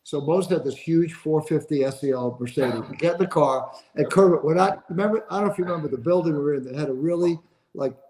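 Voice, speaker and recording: A man in his seventies speaks as a guest on a sports interview, his voice sitting a little high. He tells stories in a casual, animated way and laughs as he goes. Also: fast, rough recording. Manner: animated, laughs through anecdotes. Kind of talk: casual storytelling.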